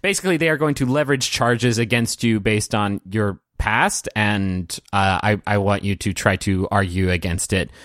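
Man narrating a tabletop game, halting. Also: fairly low pitch, fairly bright tone, no echo, clean studio sound. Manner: halting, filler-heavy narration. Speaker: game master.

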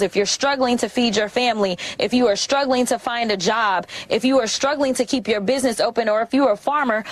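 Woman speaker, somewhat high voice, pressing through a list of points. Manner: insistent, listing. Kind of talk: political speech.

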